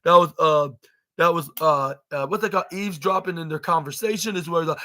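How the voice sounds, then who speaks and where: A man's voice: a little high, fairly quick, bright, forceful tone. A man hosting a podcast, recapping wrestling in a rambling casual way, full of "like" and "uh" and restarted sentences. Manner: rambling, heavy on "like" and "uh". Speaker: podcast host.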